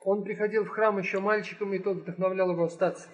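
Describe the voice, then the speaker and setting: A man interpreting a talk phrase by phrase, quick and with small restarts. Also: high-pitched, steady tone, dull audio. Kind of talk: consecutive translation of a talk.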